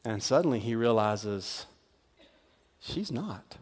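A man's voice: mid-range voice, lively intonation, takes it slowly, a little mellow, husky. A middle-aged male pastor preaching a sermon in a conversational style, repeating words as he builds, in a large church hall. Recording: long hall reverb.

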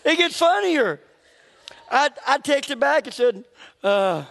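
A middle-aged man with a very high, gravelly voice that sounds pushed and bright preaches at a measured pace with lively intonation. In the church sanctuary he stays conversational, joking and laughing at himself, amid the long reverb of a large hall.

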